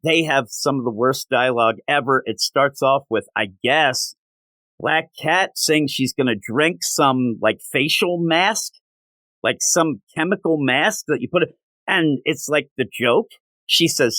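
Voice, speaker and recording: A man's voice: mid-range voice, measured pace, bright, forceful tone, no echo. A man reviewing comic books in a casual spoken rant, sarcastic and exasperated.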